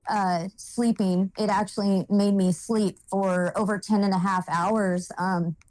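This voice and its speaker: A young adult woman telling her own life story in a casual monologue, halting and searching for words, emotional and holding back tears. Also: mid-range voice, fairly even intonation, darkish tone, low-quality recording. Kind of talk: personal testimony, casual monologue.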